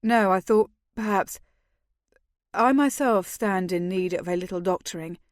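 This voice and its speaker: A wry young lord who pokes fun at himself, as a woman reads him in the audiobook. The sound is dry and close, the pitch mid. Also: measured pace, dry recording, lightly acted. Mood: sheepish. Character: young male lord, wry and self-mocking. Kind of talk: audiobook character reading.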